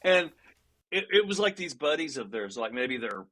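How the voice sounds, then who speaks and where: Speaking at a moderate pace in a mid-range voice, this man is a musician guesting on a podcast interview. He's a lively storyteller who laughs a lot, restarts sentences, and acts out other people's words in casual conversation.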